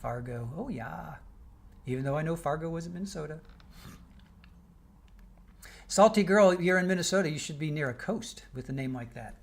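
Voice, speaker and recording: An older man from the Midwest hosts a casual livestream, reading out viewer comments and chatting back. His voice sits a little high for a man, and his talk rambles with frequent restarts. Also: animated, moderate pace, creaky, pauses often. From American Midwest. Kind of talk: casual chat while waiting for a trial.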